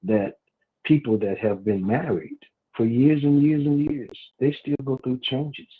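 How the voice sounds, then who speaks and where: A man's voice: medium pitch, measured pace, husky. A male guest talking in a rambling, folksy way over a phone line. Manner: rambling, folksy, repeats words. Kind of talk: casual radio talk.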